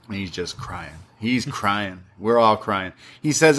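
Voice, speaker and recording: Male co-host, casual recap, rambling, slightly low pitch. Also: moderate pace, hardly any pauses, fairly bright tone. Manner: rambling, quotes people in their own voice. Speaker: podcast co-host.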